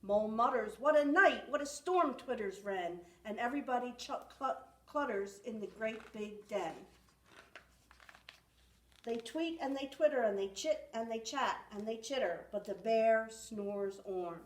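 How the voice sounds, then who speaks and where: A woman's voice: on the high side, unhurried. A woman reading a rhyming picture book aloud at a library storytime with rhythmic expression. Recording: echoey room, far from mic.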